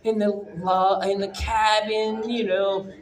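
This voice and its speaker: Guy telling a story onstage, slow and rambling, lots of restarts and swearing, echoey room with a crowd. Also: sits high. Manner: animated, profane, halting with many restarts. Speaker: speaker telling a personal story to an audience. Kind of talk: live storytelling talk. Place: room with a live audience. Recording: echoey room with audience noise.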